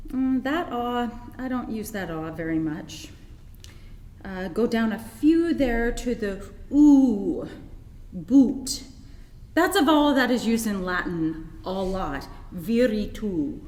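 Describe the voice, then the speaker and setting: Slow-spoken woman teaching choir vowels. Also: medium pitch, darkish tone, reverberant, long reverb tail. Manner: explanatory, demonstrates vowel sounds, many fillers. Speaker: choir conductor and workshop presenter. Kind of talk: webinar teaching.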